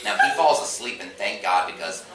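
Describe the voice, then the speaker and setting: A man's voice: fairly low pitch, animated, brisk, a bit bright. Thirtyish male comic, self-mocking storyteller at a convention, recorded from afar in an echoey room. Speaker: stand-up comedian. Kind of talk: stand-up comedy set. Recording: roomy hall, far from the mic, audience noise.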